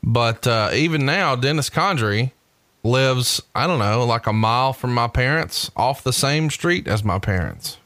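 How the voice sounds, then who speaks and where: A man hosting a podcast, telling stories in a chatty, animated way. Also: mid-range voice, measured pace, dry recording. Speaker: podcast host. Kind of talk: casual chat.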